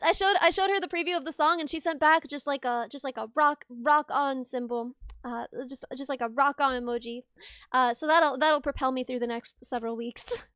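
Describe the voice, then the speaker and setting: A woman streamer chatting casually with her live viewers, bubbly and excitable, gushing and thanking people as she goes. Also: high voice, no echo, clean studio sound. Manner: bubbly and excitable, quick to gush and laugh.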